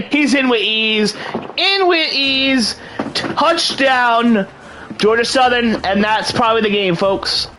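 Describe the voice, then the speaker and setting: A young man giving excited play-by-play commentary over a video game in a hyped, mock sports-announcer manner. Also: very high-pitched, slight background noise, rough recording. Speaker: gaming channel host.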